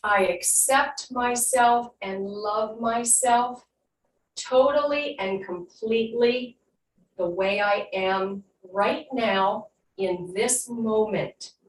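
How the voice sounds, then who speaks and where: A woman instructor guiding an online fitness class with calm cues, then leading slow breath work and affirmations. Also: on the high side, distant mic. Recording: echoey room, voice from off-mic, faint hum.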